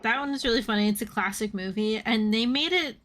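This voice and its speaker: A woman on a live stream casually retells movie scenes, laughing a lot and swearing now and then. Her voice is on the high side and a little fast.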